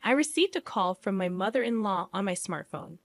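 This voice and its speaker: A woman's voice: mid-range voice, lively intonation, a little fast, no echo, soft background music. Woman narrating a first-person story.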